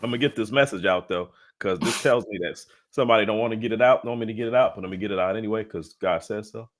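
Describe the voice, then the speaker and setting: Talking in rapid-fire bursts with a fairly low pitch, this co-host and leadership coach keeps a casual webinar light with jokes. He blends slangy asides into his discussion of faith.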